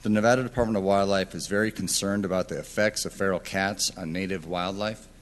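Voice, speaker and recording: A man giving a formal, measured public comment to a city council as a wildlife biologist. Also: deep voice, fairly even intonation, slight background noise. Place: council chamber.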